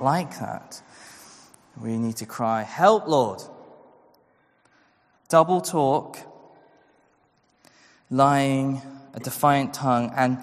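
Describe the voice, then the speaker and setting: A man preaching a sermon, earnest and full of rhetorical questions, acting out the voices he quotes. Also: mid-range voice. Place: church. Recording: long hall reverb.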